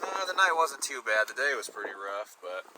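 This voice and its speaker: Man, vlog host, outdoors, relaxed casual talk, medium pitch, wind noise on mic. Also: moderate pace.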